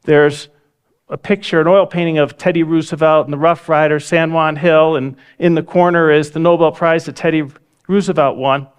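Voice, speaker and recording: A man's voice: fairly high pitch, fairly even intonation, moderate pace, smooth. A man giving a talk, telling a story with vivid acted-out dialogue. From United States. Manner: vivid, acts out quoted dialogue. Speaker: speaker. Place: lecture hall.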